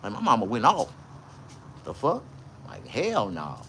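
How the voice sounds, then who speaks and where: A man's voice: mid-range voice, wildly swooping pitch, unhurried, a little hiss or hum. Boisterous, profane man telling stories. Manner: loud, profane, boisterous banter. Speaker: vlogger. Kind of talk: casual livestream storytelling.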